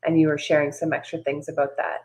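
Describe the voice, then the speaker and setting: A woman's voice: low-pitched, little pitch movement, fast talker, darkish tone. A woman hosting an interview, asking questions and giving brief, encouraging replies. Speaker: host. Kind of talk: conversational interview.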